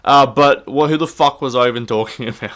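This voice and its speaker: A man's voice: medium pitch, fairly quick, a bit bright. Rambling jokey young man. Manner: rambling, jokey, swears often, laughs at himself. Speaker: YouTube MMA commentator. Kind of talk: casual comedic commentary.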